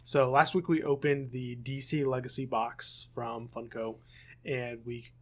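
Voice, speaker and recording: A young American man co-hosting a podcast, chatting casually, often restarting sentences and filling pauses with ums. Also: medium pitch, flat delivery. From United States. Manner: rambling, self-correcting, frequent ums. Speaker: podcast co-host. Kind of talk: casual chat.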